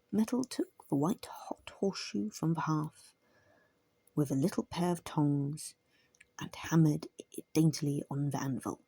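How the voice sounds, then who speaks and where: A woman narrating a classic storybook in a soft, hushed reading. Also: deep voice, a little slow, slightly rough, no room sound. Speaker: audiobook reader.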